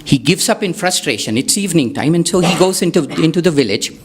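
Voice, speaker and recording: A man's voice: a little high, lively intonation, fast talker, slight background noise. A man telling a spiritual story to a gathering, conversational, asking the audience questions and adding wry asides. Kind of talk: satsang storytelling talk.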